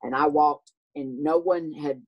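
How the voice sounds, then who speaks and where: An older man with a Southern US accent and a high voice often taken for a woman's, telling stories in a lively way and acting out the voices. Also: measured pace, highs cut off. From American South. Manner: animated, acts out voices in his stories. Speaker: guest. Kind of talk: casual anecdotal storytelling.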